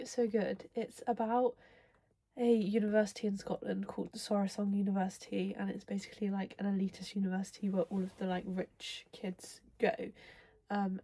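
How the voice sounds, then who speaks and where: A young woman chatting in a casual reading vlog, gushing and excitable about a book, sometimes dropping into whispers. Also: medium pitch. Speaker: book vlogger.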